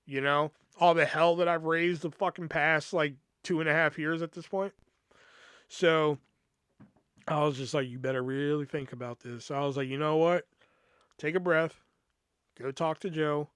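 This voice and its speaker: A man's voice: on the high side, steady tone, normal speed, a bit bright, clear, resonant tone, no room sound. A young man hosting a podcast, telling a work story in a casual, profane way and acting out the quoted dialogue. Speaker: podcast host.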